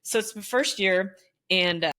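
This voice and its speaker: A woman's voice: mid-range voice, unhurried. A middle-aged woman, a former teacher, telling school stories in casual chat with lots of laughter. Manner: animated, laughing storyteller.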